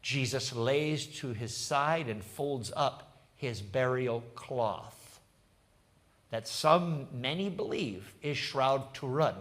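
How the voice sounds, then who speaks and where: A man preaching as a pastor. He tells the story dramatically, falls to a low hush and then rises to loud bursts, laughs often and speaks directly to the congregation. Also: expressive, takes it slowly. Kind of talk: sermon.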